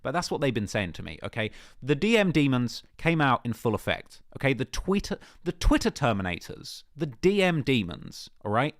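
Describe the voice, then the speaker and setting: A young man talking straight to camera with a jokey, mock-boastful swagger and lots of slang. His pitch jumps around lively, and the recording is dry with no room sound. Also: normal speed, hardly any pauses, no echo. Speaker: YouTuber in a played clip. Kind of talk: casual vlog talk.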